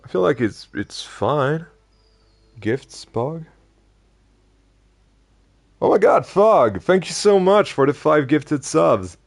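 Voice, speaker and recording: A man streaming a game, chatting casually and rambling with many hesitations, his voice going a little hoarse. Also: a little high, big pitch swings, slow pace, pauses often. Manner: rambling, hesitant, hums tunes softly. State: losing his voice. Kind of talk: casual live-stream chat while playing.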